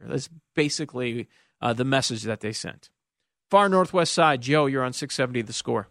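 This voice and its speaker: A man's voice: mid-range voice, normal speed, fairly bright tone, no room sound. A man hosting a sports talk radio show, opinionated and wry, taking callers and reading texts in the studio. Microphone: studio microphone.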